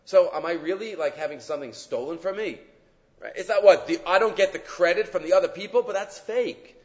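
A man's voice: high-pitched, brisk, dull audio. A man giving a Talmud lesson in a conversational way, often asking "right?" and mixing in Hebrew and Aramaic terms. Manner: conversational, frequent "right?" and filler "uh". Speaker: Torah teacher. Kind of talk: Talmud lecture.

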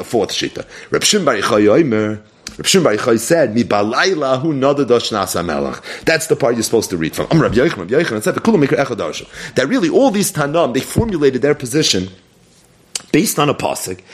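A man teaching a Talmud lesson, animated and mixing Hebrew and Yiddish terms into English. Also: mid-range voice. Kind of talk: Talmud lecture.

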